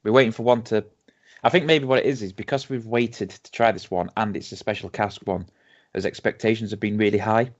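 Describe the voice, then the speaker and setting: A man co-hosting a podcast, reading out tasting notes in a relaxed, casual chat. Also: lowish voice, fairly quick, highs cut off. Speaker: podcast co-host.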